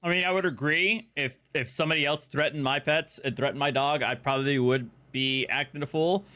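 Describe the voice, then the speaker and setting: A man's voice: fairly high pitch, fairly quick, pushed and bright, slight background noise. A man giving blunt, sarcastic, casual commentary on police footage.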